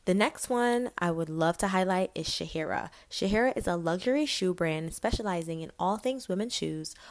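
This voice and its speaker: Chatty young woman with a lowish voice. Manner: chatty, enthusiastic, many "um" and "like" fillers. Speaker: vlogger promoting small businesses. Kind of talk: casual chat to camera.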